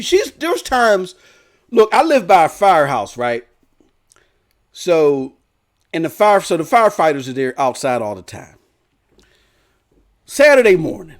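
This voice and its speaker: A man hosting a gaming news stream, telling a rambling story in a loud, animated way. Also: high voice. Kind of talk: casual storytelling rant.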